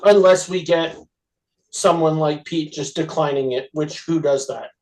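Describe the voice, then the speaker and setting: A man's voice: on the high side, unhurried, darkish tone, low-quality recording. A man co-hosting a casual podcast, talking in an easygoing, agreeable way. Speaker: podcast co-host. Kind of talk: casual chat.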